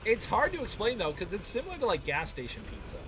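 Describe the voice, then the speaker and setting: A man live-streaming a video game, reacting with excited yelps and exclamations. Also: sits high, quick pace, background noise. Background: game music.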